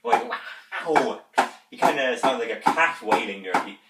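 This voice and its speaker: A man's voice: medium pitch, lively intonation, a little fast, recorded from a distance, very noisy. Man, music reviewer, rambling, enthusiastic, sits away from the mic, roomy echo. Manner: enthusiastic, rambling, imitates instruments with his voice.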